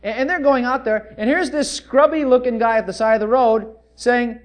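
A male preacher delivering a sermon, animated and full of rhetorical questions. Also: very high voice, moderate pace, few pauses.

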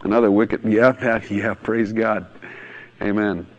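A man's voice: lowish voice, little pitch movement, measured pace, highs cut off. Blunt, laughing preacher man. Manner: blunt, emphatic, laughs often, acts out quotes. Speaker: pastor. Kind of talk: sermon-style teaching talk.

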